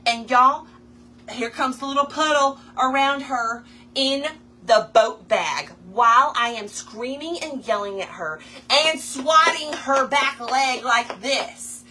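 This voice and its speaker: Woman hosting a craft stream, bright voice, faint hiss behind. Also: sits high, slow pace. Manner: chatty, animated, talks to viewers as y'all. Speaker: craft livestream host. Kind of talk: casual storytelling while crafting.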